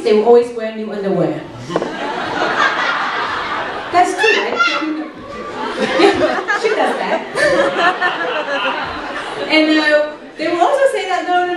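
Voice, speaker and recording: Woman comic, dry hesitant delivery, heard from a distance over noticeable background noise. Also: sits high. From Hong Kong. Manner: dry punchlines broken by frequent fillers and hesitations. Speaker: stand-up comedian. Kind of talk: stand-up comedy set. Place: comedy club stage. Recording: very echoey, distant stage mic with noise.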